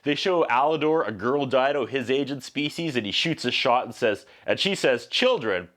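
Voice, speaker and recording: A man's voice: medium pitch, moderate pace, fairly bright tone. A man recapping a film for a home video review, with sarcastic, joking asides. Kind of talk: comedic movie recap.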